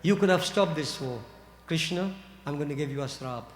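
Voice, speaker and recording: A man's voice: fairly high pitch, normal speed, close to an everyday voice. Brief: preacher doing a bitter queen pronouncing a curse, lilt, long reverb. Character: bereaved vengeful queen, mother of hundred sons. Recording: echoey hall reverb.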